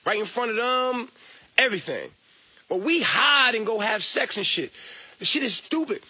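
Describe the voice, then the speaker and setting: Guy ranting, cussing, mocking, high bright voice. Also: normal speed, husky, no echo. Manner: profane, animated, mocking, laughs at himself. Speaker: online talker. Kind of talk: casual rant.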